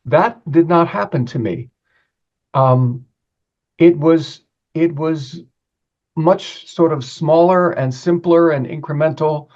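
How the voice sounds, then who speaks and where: A man being interviewed as an author, telling his story in a reflective, measured way. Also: on the high side, darkish tone, muffled recording. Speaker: guest, author.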